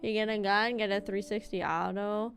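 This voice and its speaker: A woman's voice: medium pitch, fairly even intonation, moderate pace, vocal fry, faint music behind. Chatty rambling young woman streamer. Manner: chatty, rambling, casually profane. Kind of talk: casual chat while gaming.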